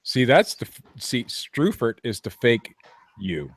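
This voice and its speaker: A man's voice: medium pitch, big pitch swings, a little slow, dry recording. A man hosting a podcast, joking and rambling with restarts in casual banter. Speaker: podcast host.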